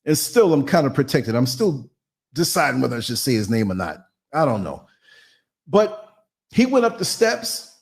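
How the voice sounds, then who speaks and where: A man hosting a live podcast, telling a story in an animated, theatrical way and acting out voices and sounds. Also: medium pitch, moderate pace, vocal fry. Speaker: podcast host.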